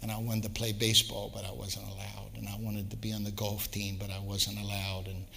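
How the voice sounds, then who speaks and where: A man's voice: on the low side, monotone, brisk, creaky, pushed and bright, big-room sound, slight background noise. A middle-aged man, a pastor, preaching a sermon and telling stories with repeated words. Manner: storytelling with acted quotes, repeats words.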